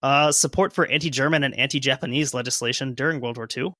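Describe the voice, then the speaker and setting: A man's voice: mid-range voice, quick pace, bright, forceful tone, dry recording. A man co-hosting a history podcast, reading old news quotes aloud and adding dry jokes. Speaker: podcast co-host. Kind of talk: history podcast narration and chat.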